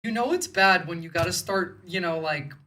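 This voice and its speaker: A woman's voice: lowish voice, a little fast, pushed and bright. A woman from the United States hosting a livestream, giving rambling, sarcastic political commentary. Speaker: livestream host.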